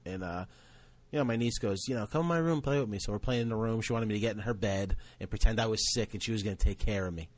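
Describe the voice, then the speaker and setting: A man's voice: on the low side, steady tone, fast, no echo. A man hosting a podcast, telling rambling, self-deprecating family stories in casual chat. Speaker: podcast host.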